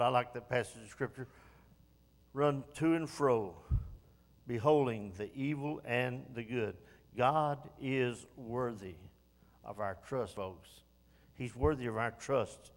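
A man preaching a sermon in a church, emphatic and repeating key phrases. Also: medium pitch. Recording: long reverb of a church hall.

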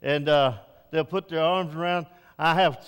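Older folksy preacher with a high voice. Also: male voice, steady tone, measured pace, smooth. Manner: folksy, rambling preacher who builds to emphatic exhortation. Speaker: pastor. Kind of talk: sermon. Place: church sanctuary. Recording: reverberant church hall.

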